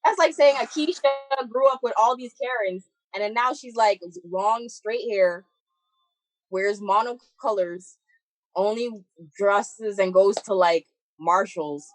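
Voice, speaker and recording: A young woman, co-hosting a casual podcast chat in an animated, opinionated, slangy way. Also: mid-range voice, measured pace, rough recording. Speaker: podcast co-host.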